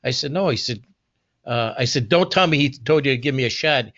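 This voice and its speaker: A man spins long, rambling stories from the old days, acting out what others said and doubling back on himself. His voice sits at an ordinary pitch, close and dry in a small space. The recording is dull and lo-fi. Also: lively intonation, a little fast, fairly bright tone, no room sound. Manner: rambling anecdotes with many restarts and reported speech. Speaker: storyteller in a group conversation. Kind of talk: casual reminiscing.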